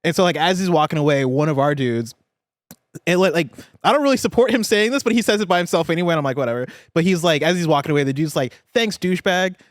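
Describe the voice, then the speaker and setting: A man co-hosting a podcast, telling a story in casual, animated chat, swearing and saying "like" a lot. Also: fairly high pitch, fast, no room sound, studio quality. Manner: animated, swearing, heavy use of "like". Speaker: podcast co-host. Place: podcast studio.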